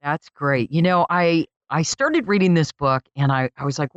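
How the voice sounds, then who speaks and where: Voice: mid-range voice, moderate pace, no echo. Interviewer, conversational, dry close sound, muffled lo-fi. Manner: conversational, hesitant starts. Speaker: interviewer host.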